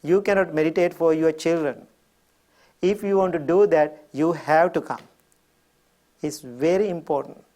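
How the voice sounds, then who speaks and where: A middle-aged man with a Sri Lankan accent, a Buddhist monk telling a personal story in a gentle dharma talk, chuckling often. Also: on the high side, unhurried, long pauses.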